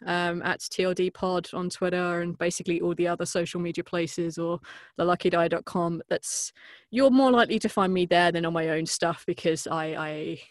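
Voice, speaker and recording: A woman's voice: lowish voice, dry recording. Female guest from the UK, chatty and self-deprecating, recorded dry and close. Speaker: podcast guest. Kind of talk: casual interview chat.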